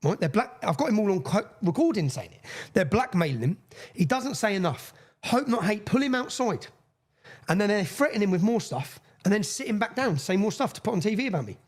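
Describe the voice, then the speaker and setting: Fast-talking excitable man. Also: high-pitched. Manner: fast, excitable, swears, acts out quoted voices. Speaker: interview guest. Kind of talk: animated storytelling in a podcast interview.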